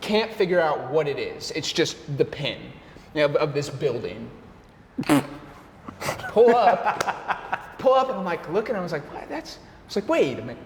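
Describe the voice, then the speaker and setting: A young man, a barista, telling a story in an animated, slangy way, his voice jumping up when he gets excited. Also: on the high side, measured pace, long pauses, slight background noise. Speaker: barista and café worker. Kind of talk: casual storytelling chat. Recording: roomy echo with long reverb, faint ambience.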